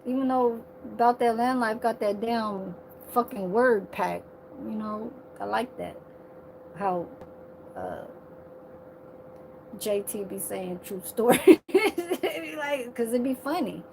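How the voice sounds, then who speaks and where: A woman talking straight to her phone camera in a casual, animated rant, swearing a lot and filling her talk with "like" and "you know". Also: fairly high pitch, slow, creaky, pauses often, slight background noise. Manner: animated, heavy profanity, lots of filler. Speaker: vlogger.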